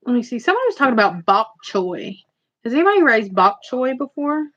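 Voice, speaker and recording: A woman's voice: a little high, sing-song, quick pace, fairly bright tone. A woman hosting a casual livestream, chatting and rambling to her viewers. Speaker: livestream host. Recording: slightly muffled lo-fi audio.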